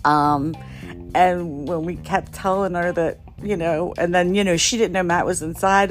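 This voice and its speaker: A woman's voice: on the low side, steady tone, a little slow, faint music behind. Laughing, rambling middle-aged woman storyteller. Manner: rambling, laughs often, many fillers and restarts. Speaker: storyteller, podcast host. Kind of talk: casual storytelling.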